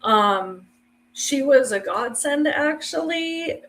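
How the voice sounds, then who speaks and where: A woman's voice: medium pitch, a little slow, fairly bright tone. Candid woman telling her own story. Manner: candid, conversational, with wry asides. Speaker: speaker sharing her cancer story. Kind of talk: personal testimony talk.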